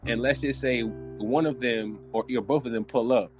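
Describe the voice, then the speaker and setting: A man's voice: medium pitch, moderate pace. Podcast guy ranting, lots of slang, jokey, music going in the background. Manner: animated, joking, loose slang. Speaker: podcast host. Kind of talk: casual podcast rant.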